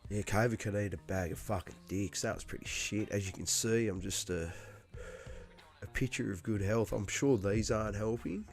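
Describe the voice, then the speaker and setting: Bloke, lowish voice, easygoing and sweary, coughing, faint music under him. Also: male voice, a little mellow. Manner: laid-back, swears a lot, matey. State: coughing after illness. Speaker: livestream host. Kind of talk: casual chat.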